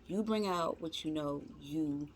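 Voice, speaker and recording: Woman tarot reader, lowish voice, casual slangy chat, encouraging. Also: a little slow, slight background noise. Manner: chatty, encouraging, addresses viewers as y'all; slangy, informal speech.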